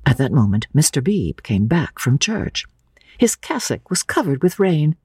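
A woman narrating a classic novel in a measured, expressive dramatic reading. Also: low-pitched, breathy edge, no room sound, clean studio sound.

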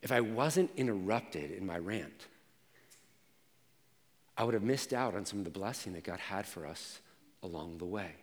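A man preaching a sermon as pastor, telling personal stories and moving from quiet reflection to intense emphasis. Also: deep voice, animated, normal speed, long pauses, long reverb tail.

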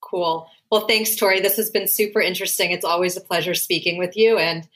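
A woman with a slightly low voice hosts a podcast interview. She talks in a chatty, easygoing way and laughs easily as she tells stories. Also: fairly even intonation, a little fast, a bit bright. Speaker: podcast host. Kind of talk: casual interview talk.

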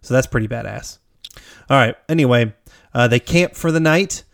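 A man's voice: mid-range voice, moderate pace, creaky, no room sound, studio quality. A man co-hosting a podcast, recapping a film in casual, rambling chat, swearing freely and laughing often. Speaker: podcast co-host.

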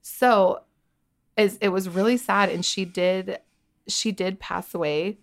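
A woman's voice: medium pitch, steady tone, slow pace, vocal fry. A woman in her thirties, a podcast guest, candidly telling a personal story in a chatty way, often quoting her own thoughts. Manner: candid, chatty, full of "like" and quoted inner thoughts.

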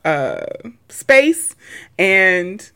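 A woman's voice: lowish voice, wildly swooping pitch, drawn-out words, a bit bright, smooth. A woman co-hosting a podcast in casual, playful chat, laughing often. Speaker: podcast co-host.

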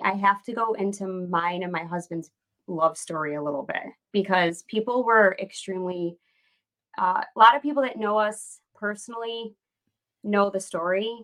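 A woman's voice: medium pitch, moderate pace, fairly bright tone, rough recording. A woman in her late thirties, a guest entrepreneur, telling her story in a candid, rambling way. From United States. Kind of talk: casual interview storytelling.

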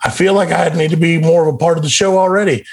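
A man's voice: a little high, fast, voice pushed up. A man playing a boastful macho man who applies to be the show's newsman, bragging and insulting the others. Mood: swaggering. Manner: brags and insults, bossy.

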